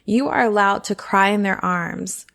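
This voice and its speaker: On her podcast, this woman offers candid, conversational advice and keeps checking in with listeners. Her mid-range voice moves at a moderate pace with vocal fry and a fairly bright tone.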